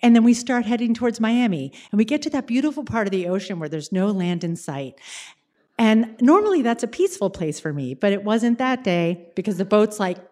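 A woman telling a personal story with animated, dramatic pacing and wry asides. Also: mid-range voice.

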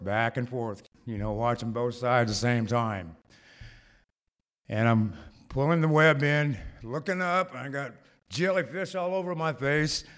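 Man rambling through a live story. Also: mid-range voice. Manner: halting and rambling, with many fillers and restarts. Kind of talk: personal story told to a live audience.

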